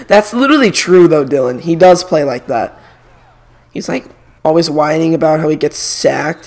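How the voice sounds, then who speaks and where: Young male streamer, bright higher voice, animated, trading hot sports takes while playing. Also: moderate pace, gravelly. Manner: opinionated, animated sports banter. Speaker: gaming streamer. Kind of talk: casual chat while playing a video game.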